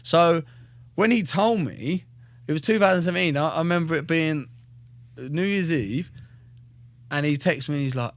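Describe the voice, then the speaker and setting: A man's voice: fairly high pitch, moderate pace, pauses often. Blunt, swearing fighter telling his story. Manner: profane, blunt and jokey, stumbles and repeats words. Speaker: guest, professional fighter. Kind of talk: casual storytelling in a podcast interview.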